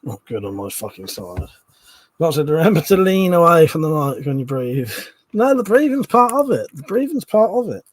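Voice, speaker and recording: Streamer, husky, lively pitch, jokey and foul-mouthed. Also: male voice, moderate pace, dry recording. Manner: joking, heavy swearing. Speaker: live-stream host. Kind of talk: casual live-stream chat. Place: indoors at home, seated low in a chair.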